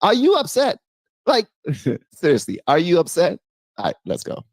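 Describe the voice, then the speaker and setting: A woman's voice: lowish voice, huge pitch swings, moderate pace, no echo. A woman reacting in casual chat, exasperated and rambling.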